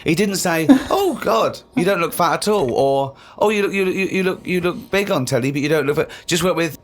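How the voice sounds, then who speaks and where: A man's voice: on the high side, expressive, brisk. A man on a podcast, telling a comic story with dry, sarcastic teasing. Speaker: podcast co-host.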